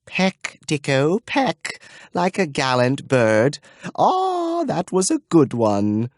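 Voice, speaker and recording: A man voicing a clever, haughty older lady-in-waiting who talks crisply and with command. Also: on the high side, huge pitch swings, slow pace, no room sound, voice pushed up, heavily acted. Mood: doting. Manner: crisp commanding, doting to a bird.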